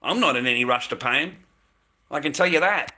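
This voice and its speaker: A man's voice: fairly high pitch, brisk, background noise. A man with an Australian accent talking casually to his viewers, blunt and sweary, circling back and repeating his points as he rants. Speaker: livestream host.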